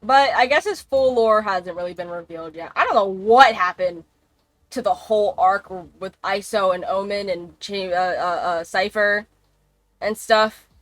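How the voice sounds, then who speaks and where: A woman's voice: mid-range voice, a little slow, fairly bright tone, no echo. A woman streaming a game live, chatting in a rambling, casual way and swearing freely. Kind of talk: casual gaming livestream chat.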